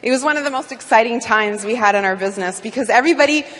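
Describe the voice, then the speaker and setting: A woman from Canada giving a talk to an audience, animated and full of fillers. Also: a little high, racing. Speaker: business speaker. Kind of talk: speech to an audience. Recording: long hall reverb.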